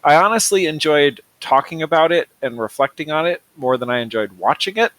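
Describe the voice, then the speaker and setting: A man's voice: a little high, brisk, fairly bright tone, rough recording. A man appearing as a guest on a film podcast, speaking casually with hesitations. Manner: hesitant, many ums and restarts. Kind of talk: casual chat.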